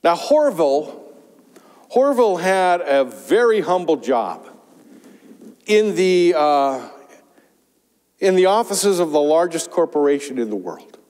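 A man preaching a sermon as pastor, telling a parable with lively emphasis. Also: on the high side, slow, pauses often. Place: church sanctuary. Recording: long church reverb.

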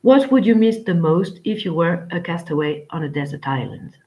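A woman teaching an English class online, chatty and rambling, with frequent pauses as she talks to her students. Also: on the low side, lively intonation, warm tone, rough recording.

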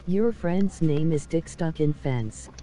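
A computer-made woman's voice reading out stream messages in a flat, mechanical way. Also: deep voice, slow pace.

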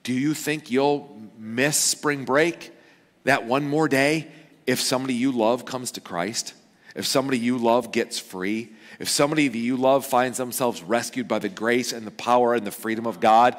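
A man in his thirties preaching a sermon as pastor, chatty and joking, with lively swings in pitch and loudness. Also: moderate pace. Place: large church auditorium. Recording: long hall reverb.

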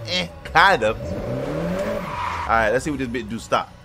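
A man giving casual, slangy commentary while playing a racing game, excitable and profane, chatting to his viewers. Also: mid-range voice, takes it slowly, vocal fry, music in the background. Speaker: gaming YouTuber.

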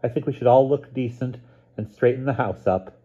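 A man's voice: medium pitch, fairly quick, phone-quality sound, voice pushed up, lightly acted. A man reading a storybook aloud, voicing a teenage girl who talks in an offhand, dismissive way.

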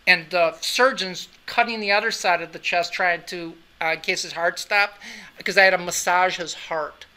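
With a high, smooth voice that sounds pushed and bright, a middle-aged anatomy and physiology teacher relates an anecdote to his class. He speaks at a normal speed with fairly even intonation, chatty and fond of "right?" asides, in a classroom with students.

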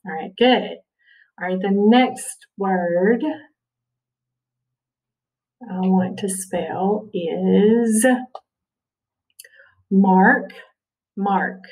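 A woman's voice: medium pitch, drawn-out words, long pauses, distant mic, muffled recording. A woman teaching a spelling lesson, patiently sounding out words and checking in with her students often. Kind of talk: spelling lesson over slides.

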